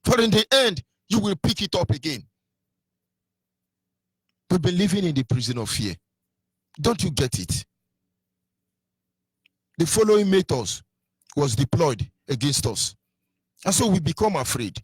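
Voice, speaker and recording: A man's voice: on the high side, very animated, unhurried, pauses often, slightly rough, dry recording. A man with a Nigerian accent giving a fiery political sermon on radio, asking rhetorical questions and half-singing some phrases. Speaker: activist radio speaker.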